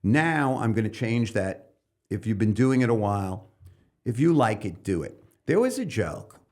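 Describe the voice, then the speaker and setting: A middle-aged man from New York City, a stand-up comedian and coach, talking loosely as a podcast guest and breaking into loud comic bits mid-thought. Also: lowish voice, very animated, moderate pace. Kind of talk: loose conversational interview talk.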